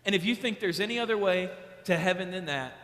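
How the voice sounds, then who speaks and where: A young man preaching a sermon to youth, emphatic and repetitive, acting out stories with sudden loud excitement. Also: sits high, fast talker. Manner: emphatic, repeats key lines. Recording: long hall reverb.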